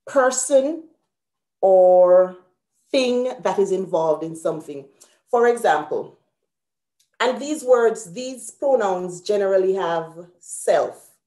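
Slow-speaking woman teacher in an echoey room. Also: mid-range voice, mellow. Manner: patient, explains step by step, corrects herself aloud. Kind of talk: live online grammar lesson at a board. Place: room with a whiteboard.

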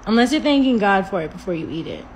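A woman's voice: mid-range voice, expressive, quick pace, slight background noise. A woman chatting casually on a phone livestream from home, rambling, swearing freely and laughing often.

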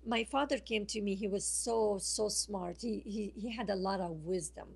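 A woman guest speaking by phone on a radio show, telling a personal story slowly and haltingly, with many fillers and restarts. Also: medium pitch, vocal fry, breathy edge. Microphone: phone line.

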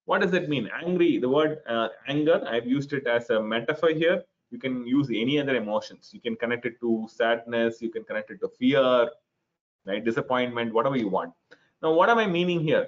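Man, middle-aged, Indian English accent, webinar trainer, mid pitch, questioning, repeats phrases, dull video-call audio. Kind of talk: interactive online workshop talk.

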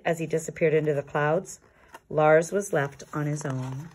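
A woman reading a children's picture book aloud in a calm, expressive storytelling manner. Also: deep voice, moderate pace, slightly rough. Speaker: storybook reader.

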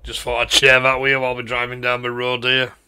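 A man's voice: mid-range voice, monotone, fast talker, pushed and bright, clear, resonant tone. A man with a Yorkshire accent giving casual, rambling commentary while playing a driving game. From Yorkshire, England. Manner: rambling, chatty storyteller. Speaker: gaming channel host.

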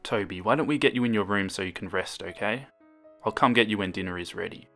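A man voicing a grieving mother who speaks in a soft, strained monotone in a narrated horror story. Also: fairly low pitch, fast talker, creaky, soft background music. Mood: hurried. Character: weary grieving mother, trying to stay calm.

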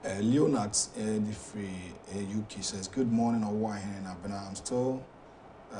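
With frequent fillers and a halting delivery, a low-ish-voiced Ghanaian man reads viewer messages on his talk show, getting tangled up in names. He is far from the microphone, sitting back, and a steady background noise persists throughout.

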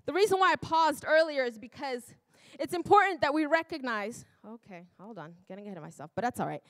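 A woman's voice: high-pitched, lively intonation, fairly quick, a bit bright, no room sound. A woman preacher delivering a sermon in a church, often laughing, breaking off and exclaiming to herself. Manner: laughing, self-interrupting, exclamatory.

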